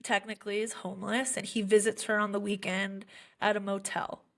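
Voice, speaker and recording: A woman's voice: mid-range voice, level tone, fairly quick, gravelly. A young adult woman, a special education teacher, telling heartfelt stories in an earnest podcast conversation. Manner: earnest, heartfelt storytelling with frequent fillers.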